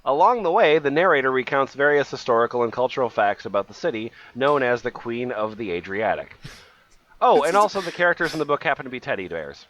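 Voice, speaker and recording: Man, comedy podcast co-host, lively pitch, hesitant reading, dull lo-fi audio. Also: fast talker. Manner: reads aloud with many ums and uhs. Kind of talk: casual comedy podcast banter.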